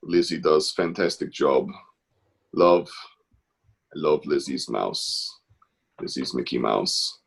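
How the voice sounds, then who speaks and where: A man's voice: a bass voice, animated, slow, vocal fry, long pauses, breathy edge. A man hosting a live online art class, chatting in an upbeat, encouraging way. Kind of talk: casual live-stream teaching.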